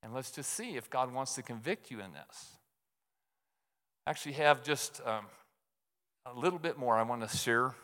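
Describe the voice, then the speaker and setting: A man's voice: mid-range voice, a bit bright. A man preaching a sermon as a pastor, candid and self-deprecating, talking conversationally with lots of fillers. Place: church sanctuary. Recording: echoey hall reverb.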